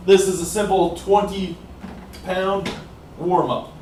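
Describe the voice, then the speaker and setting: A man from Canada, rambling in a casual monologue, often saying "like I said" and filling pauses with "uh", winded from exercising. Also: high voice, fairly even intonation, distant mic. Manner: rambling, repeats "like I said", pauses with fillers. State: out of breath from exercising. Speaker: vlogger. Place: small warm room indoors. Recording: roomy echo, voice off-mic, faint noise.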